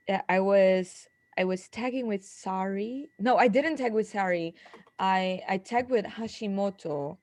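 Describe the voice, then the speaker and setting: A young woman guest on a podcast, telling stories with giggly excitement. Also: medium pitch, takes it slowly, no echo. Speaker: guest wrestler. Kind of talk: casual interview chat.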